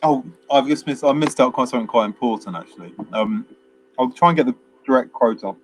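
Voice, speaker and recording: A man's voice: mid-range voice, brisk. Guy rambling thru a movie plot on a podcast, lots of ums, faint hiss behind. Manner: rambling, retells scenes with many quoted lines and fillers. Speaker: podcast co-host. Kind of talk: casual film review chat.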